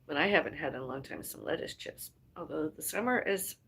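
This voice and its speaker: A woman with a low, gravelly voice that has a husky, breathy edge, yet sounds bright and forward. She chats casually to her livestream, rambling and thinking out loud, trailing off and sighing between thoughts. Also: lively intonation, brisk. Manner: rambling, musing aloud, trailing off.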